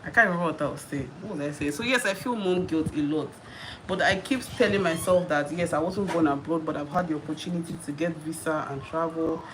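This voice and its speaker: Her voice sits low with a fairly bright tone, and she talks briskly: a Nigerian woman in her thirties hosting a YouTube live Q&A. Chatting casually, she laughs often and repeats herself, over noisy stream audio.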